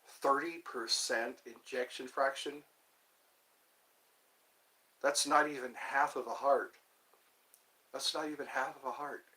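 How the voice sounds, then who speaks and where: Rambling male streamer, bright tone, wry and self-mocking, mid-pitched. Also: rough recording. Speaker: livestreamer. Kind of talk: casual livestream monologue.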